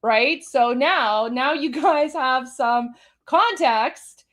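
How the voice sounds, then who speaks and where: High-voiced woman hosting a mocking livestream. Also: extremely slow, fairly bright tone. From Iran. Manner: mocking and incredulous, many fillers. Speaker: livestream host. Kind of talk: casual commentary on video clips.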